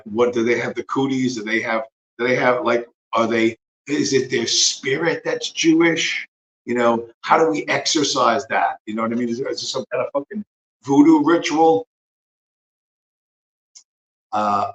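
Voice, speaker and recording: A man's voice: medium pitch, fairly bright tone, dull audio. Man, livestream host, rambling, swears a lot, sarcastic, echoey room. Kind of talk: casual rambling commentary.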